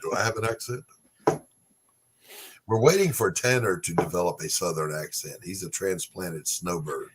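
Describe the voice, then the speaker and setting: This middle-aged podcast host talks in a deep, slightly rough voice at a moderate pace. He rambles and pokes fun at himself during casual chat with his guests.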